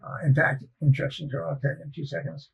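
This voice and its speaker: A man with a gravelly, husky voice tells a story in relaxed conversation. He is measured and logical, and he slips into quick voices to replay old exchanges with customers. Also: fairly high pitch, muffled recording. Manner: storytelling, acting out past dialogues, measured and logical. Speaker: guest recounting his sales career. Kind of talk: casual conversation.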